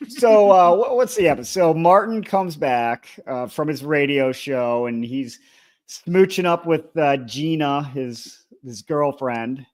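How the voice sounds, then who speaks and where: A man co-hosting a TV review podcast, recapping an episode in relaxed chat with plenty of fillers. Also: a little high, measured pace. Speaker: podcast co-host. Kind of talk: casual chat.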